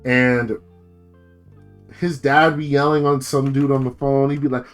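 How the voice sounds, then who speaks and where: A man's voice: medium pitch, flat delivery, measured pace, long pauses, soft background music. Rambling young man ranting casually. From United States. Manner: profane, rambling, lots of filler "like". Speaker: VTuber streamer.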